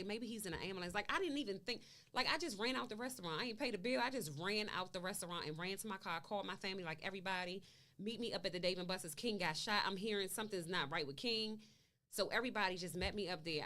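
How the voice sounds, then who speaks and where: A woman's voice: fairly low pitch, a bit bright. A woman being interviewed, recounting events at length and acting out the dialogue in her story. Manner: long retelling with quoted dialogue. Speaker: interview guest, mother. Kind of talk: conversational storytelling.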